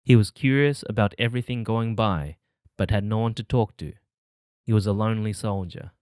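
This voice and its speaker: A male audiobook narrator with a lowish voice reads in a measured, steady way. The recording is close and dry, with no room sound. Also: clean tone, dry recording.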